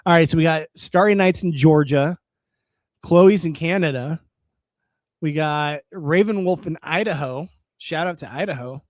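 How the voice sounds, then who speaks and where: A man's voice: a little high, dry recording, studio quality. Chatty young man hosting a live stream. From California. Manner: chatty and excitable, reacts aloud, laughs often. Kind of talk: casual live-stream chat, reading comments.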